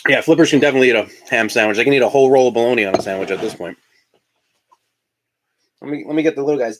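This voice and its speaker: A man's voice: mid-range voice, rapid-fire, long pauses. A man from Indiana hosting a casual live stream, chatting while he eats breakfast. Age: adult parent of young children. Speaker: live-stream host and collector.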